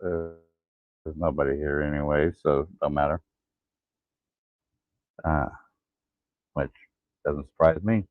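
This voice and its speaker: A man in his forties telling his own story in a halting, tired way, pausing to catch his breath. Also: extremely low pitch, steady tone, no echo. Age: 40s. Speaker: vlogger. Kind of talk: casual personal vlog. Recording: tinny phone-like sound.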